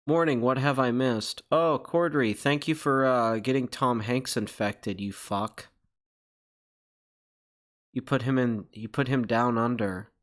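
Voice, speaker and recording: A man's voice: mid-range voice, unhurried. A man hosting a casual livestream, rambling through chat questions with profane joking accusations. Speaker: channel host.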